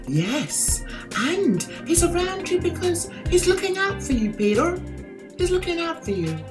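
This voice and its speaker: A woman imitating a female psychic who speaks in slow, hushed, soothing reassurances. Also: very high-pitched, sing-song, music in the background, pitched above the performer's own voice, exaggerated voice.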